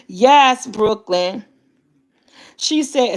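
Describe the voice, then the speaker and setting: Candid woman in her fifties, higher-pitched. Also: lively intonation, moderate pace. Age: 50s. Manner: candid, emphatic, swears freely. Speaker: vlogger. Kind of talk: casual motivational talk.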